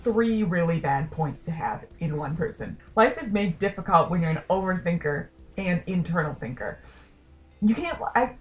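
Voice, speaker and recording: A young adult woman chatting casually to camera, rambling and self-deprecating with quick asides. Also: on the low side, animated, faint music behind. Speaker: vlogger. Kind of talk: casual talking-to-camera chat.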